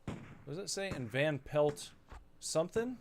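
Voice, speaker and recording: A man's voice: on the high side, lively intonation, measured pace, creaky, slight background noise. Wry rambling man playing a game. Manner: rambling, wry, mock-serious rants. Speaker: gaming channel host. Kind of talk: casual let's-play commentary.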